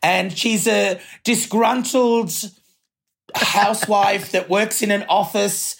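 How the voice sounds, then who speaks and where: A woman's voice: medium pitch, steady tone, slow, creaky. A woman with an Australian accent, a podcast guest chatting candidly and laughing as she talks. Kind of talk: casual podcast chat.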